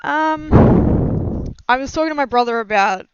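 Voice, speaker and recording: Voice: high voice, unhurried, clear, resonant tone, no echo. A young adult streamer chatting casually and rambling with frequent giggles and self-deprecating asides during a live stream. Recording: slightly dull lo-fi mic, dry.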